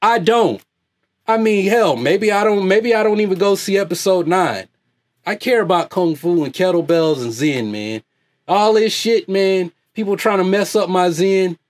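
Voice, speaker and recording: A man with a high, lively voice rants loudly and off the cuff as host of his own online channel. He swears freely and laughs often as he talks. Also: normal speed. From United States. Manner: loud, animated, laughs often. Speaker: YouTube host. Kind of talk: profane off-the-cuff rant.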